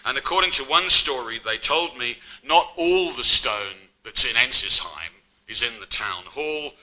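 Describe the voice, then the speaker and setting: A man's voice: medium pitch, animated, measured pace, sharp tone, poor audio. A middle-aged man giving an academic public lecture, mixing scholarly narration with wry asides.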